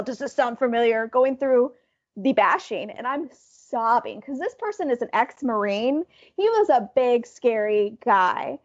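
A woman with a high voice tells a story on her podcast in a lively, chatty way, often laughing. The audio is a bit dull and muffled. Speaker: podcast co-host. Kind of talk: casual storytelling chat.

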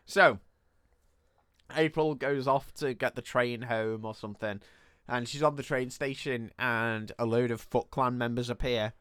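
A man's voice: medium pitch, fairly even intonation, a little slow, a bit bright, clean tone, no echo, clean studio sound. Laughing man recapping a film. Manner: laughs often, swears freely, retells the film plot. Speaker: podcast co-host. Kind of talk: casual comedic film recap chat.

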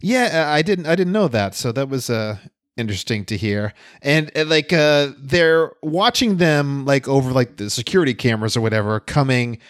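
A man's voice: medium pitch, expressive, moderate pace, no echo, clean studio sound. Laughing, rambling man in casual chat. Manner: chatty, laughs often, many fillers and restarts. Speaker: podcast co-host.

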